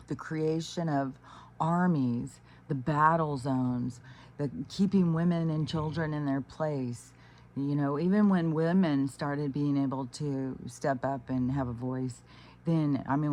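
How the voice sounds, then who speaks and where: A woman's voice: low voice, a little mellow. A middle-aged woman ranting casually to her camera, blunt and heavy on swearing, with faint ambience behind her. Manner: profane, blunt and heated. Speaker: vlogger.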